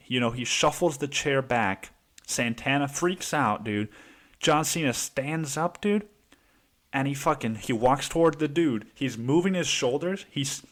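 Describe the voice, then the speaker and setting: A man hosting his own podcast, telling a story in a casual, excitable monologue, swearing freely and saying "dude" constantly. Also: medium pitch. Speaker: podcast host.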